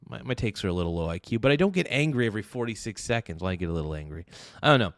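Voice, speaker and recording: A man's voice: lowish voice, big pitch swings, very fast, no echo, studio quality. A young man hosting a livestream, giving rambling, brash political commentary and calling people "dude". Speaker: livestream host.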